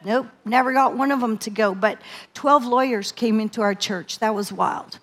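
A woman preacher telling her testimony in a sermon, animated and laughing often as she tells it. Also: on the high side, normal speed.

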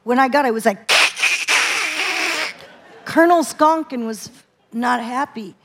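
A woman preacher telling her testimony in a sermon, animated and laughing often as she tells it. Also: a little high, a little slow, very noisy.

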